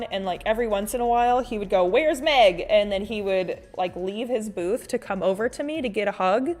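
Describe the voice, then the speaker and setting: Her voice sits on the high side and sounds a little mellow as she hosts a casual art stream. She's an artist who rambles, restarts and fills pauses often, reads viewers' chat aloud, and uses pet names like "sweet bean" and "honey."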